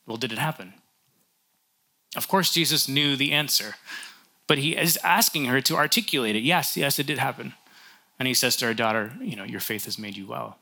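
A male pastor delivers a sermon in an easy, conversational manner, tossing in light jokes. His voice is middle in pitch with a very bright, sharp edge, and he often restarts his sentences.

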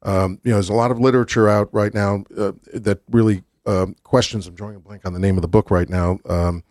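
A man who is a politician, speaking in a measured way on a radio talk show and filling his pauses with um and uh. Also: lowish voice, steady tone, darkish tone, dry recording, clean studio sound. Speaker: politician guest. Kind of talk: radio studio conversation.

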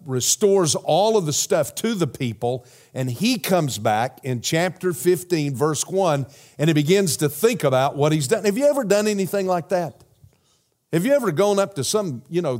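Slightly high-voiced emphatic preaching man. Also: a little mellow. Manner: measured, emphatic preaching with repeated phrases and rhetorical questions. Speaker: pastor. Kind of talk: sermon.

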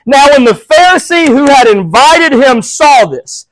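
A man preaching as a pastor, passionate, swinging between loud emphasis and hushed, quiet quoting. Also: very high voice, lively intonation, measured pace, hardly any pauses, no room sound, low-quality recording. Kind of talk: sermon.

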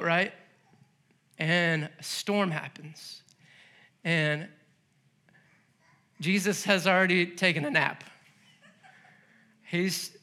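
A male pastor preaching a sermon, animated and laughing as he acts out the story's voices. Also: on the high side. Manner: laughs between lines.

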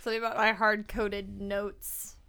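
A woman's voice: mid-range voice, little pitch movement, normal speed, sharp tone, clean tone. A woman in her late twenties co-hosting a podcast, chatting playfully in a mock-grand, self-amused way, close to her microphone. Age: late 20s. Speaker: podcast co-host. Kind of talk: casual chat.

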